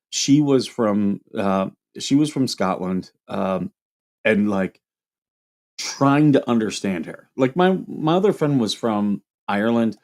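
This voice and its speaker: A man from Toledo, Ohio, with a Midwestern accent and a fairly low, slightly mellow voice hosts a casual livestream. He rambles and chats easily, reacting to comments from his viewers.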